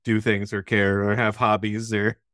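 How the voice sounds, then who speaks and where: A man's voice: on the low side, level tone, normal speed, fairly bright tone, no room sound. Analytical man in a dry podcast chat. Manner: analytical, critical, with stammered restarts. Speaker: podcast co-host. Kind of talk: casual movie discussion.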